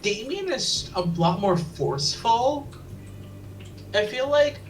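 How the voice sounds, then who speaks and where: A woman's voice: a little high, animated, slow pace. A woman co-hosting a let's play who talks in a dry, wry way and reads the game's text aloud. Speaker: let's play co-host and narrator. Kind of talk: casual gaming chat and reading game text. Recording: distant mic with background noise.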